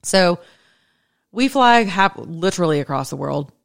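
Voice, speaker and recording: A woman telling her viewers a personal story in a casual monologue, animated and blunt, with sudden leaps in pitch and loudness. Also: measured pace, creaky. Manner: blunt and opinionated, swears and then apologizes. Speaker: mother sharing a personal story.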